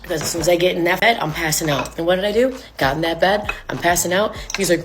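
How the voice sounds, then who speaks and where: A woman's voice: on the low side, racing, hardly any pauses, music in the background. A woman telling a personal story in a chatty way, full of fillers and acted quotes. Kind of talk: storytime video.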